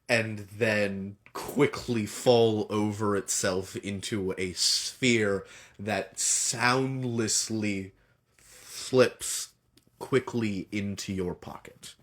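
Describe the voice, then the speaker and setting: A man's voice: lowish voice, fairly bright tone. A man narrating as game master in a tabletop game, laid-back and descriptive with frequent ums.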